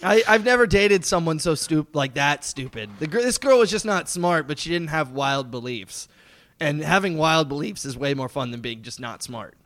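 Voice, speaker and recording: A man's voice: on the high side, lively intonation, normal speed, a bit bright, dry recording. A man chatting as a podcast guest, laughing and teasing. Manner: laughing, mocking. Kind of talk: casual chat.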